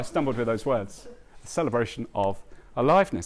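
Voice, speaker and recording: A man giving a heartfelt, halting talk to a live audience at a book launch, with many pauses and restarts. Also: mid-range voice, expressive. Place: live event before an audience.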